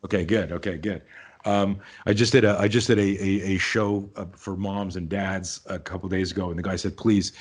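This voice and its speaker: A man in his fifties, a self-defense teacher and podcast guest, telling an animated story, acting out the dialogue and swearing freely. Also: deep voice, brisk, husky.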